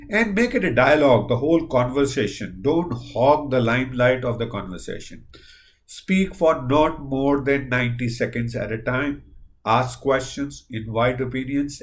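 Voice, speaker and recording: A man giving an earnest recorded business lecture, pausing on frequent fillers and acting out sample dialogue. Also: medium pitch. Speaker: business trainer.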